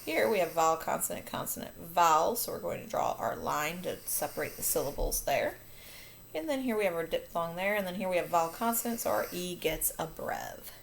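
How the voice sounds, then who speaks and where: A woman's voice: lowish voice, animated, brisk, gravelly. Woman teacher doing a phonics lesson, upbeat + patient, faint background hiss. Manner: upbeat, patient, self-correcting.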